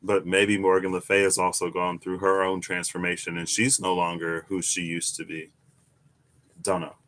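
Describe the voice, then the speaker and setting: Man, low voice, tarot reader, casual musing monologue, bursts of excitement. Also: moderate pace. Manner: musing, animated, with sudden high exclamations.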